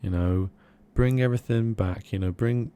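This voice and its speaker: A young man co-hosting a casual comedy podcast, rambling in a mock-earnest, deadpan way. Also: fairly low pitch, moderate pace, clean tone. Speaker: podcast co-host.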